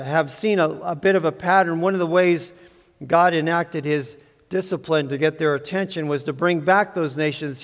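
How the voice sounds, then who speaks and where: A man preaching a sermon as pastor, measured, slowing down to stress key phrases. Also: high-pitched. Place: church sanctuary. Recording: long reverb of a church hall.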